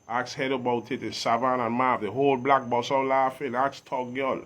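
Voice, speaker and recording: A man from Saint Thomas with a Virgin Islands accent, talking as an interview guest in a preachy, emphatic way that often rises loud. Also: mid-range voice, steady tone, fast talker. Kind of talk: casual reasoning talk.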